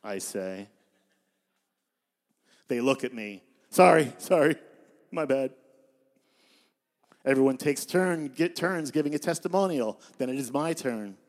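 A man in his fifties giving a live poetry reading in a bar, with deadpan, self-mocking storytelling. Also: medium pitch, a little slow, pauses often. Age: 50s. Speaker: poet.

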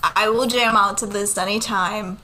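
A woman's voice: medium pitch, fairly even intonation, normal speed, sharp tone, a little hiss or hum, rough recording. A woman co-hosting a casual chat, blunt, swearing freely and laughing often.

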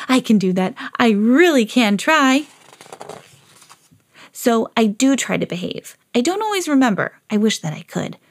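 A woman's voice: fairly high pitch, unhurried, full character voice. A woman reading a children's storybook aloud as a lovable, eager female pet dog. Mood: earnest. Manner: earnest storybook reading, rising excitedly.

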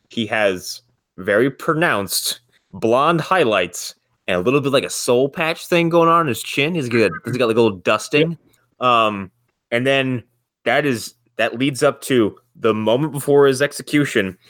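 A man's voice: mid-range voice, normal speed, a bit bright, no room sound. Casual man with a dry, close sound. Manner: rambling, hedging with lots of "like". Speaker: podcast co-host. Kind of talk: casual chat reviewing TV episodes.

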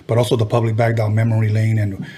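A man's voice: on the low side, monotone, quick pace, dark tone. A man hosting an interview, asking questions in an easygoing, friendly way with short affirmations. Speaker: podcast host. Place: Los Angeles area.

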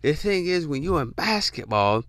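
Man podcast host with a bright, fairly high voice, talking in a preachy motivational way. He keeps calling out to his listeners and trips over repeated words as he restarts. His voice sounds dry and close, with no room echo. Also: very animated, normal speed. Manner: repetitive call-outs to listeners; stammering restarts.

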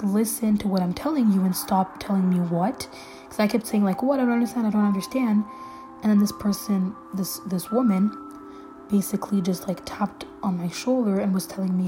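A woman telling a scary personal story in a casual, halting way, with many fillers and restarts. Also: mid-range voice, mellow. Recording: faint music underneath.

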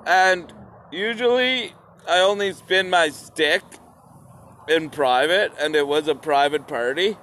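A man's voice: fairly high pitch, slow, sharp tone, slight background noise. A man hosting a casual solo podcast outdoors, rambling and swearing freely as he talks to his listeners. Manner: rambling and profane, addresses listeners as "peoples". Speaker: podcast host.

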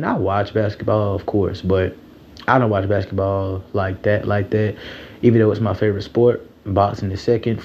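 A man's voice: lowish voice, mellow, lo-fi sound. A man hosting a solo sports podcast, talking loosely and rambling, with lots of slang and swearing.

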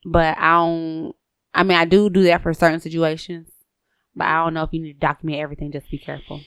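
A woman's voice: low-pitched, flat delivery, fast talker, a bit bright, clear, resonant tone, dry recording, clean studio sound. A woman co-hosting a casual chat, talkative and asking questions, laughing often.

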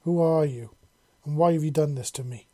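A man's voice: mid-range voice, steady tone, normal speed, dark tone, natural voice. A man voicing a defiant young half-alien man who throws out raised, indignant questions. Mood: wary.

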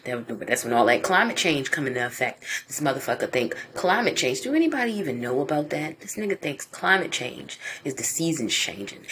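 A low-voiced woman hosts a podcast and reads the news aloud. She stops often to react with profane, incredulous, mock-paranoid jokes, and there is a faint hum of noise behind her. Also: sing-song, fairly quick, few pauses, fairly bright tone. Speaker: podcast host. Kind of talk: comedic rant while reading news aloud.

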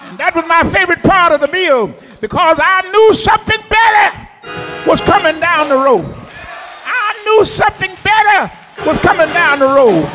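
A pastor preaching an impassioned Easter sermon, rising into shouts with a preacher's cadence. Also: male voice, extremely high pitch, lively intonation, normal speed, long reverb tail, music in the background.

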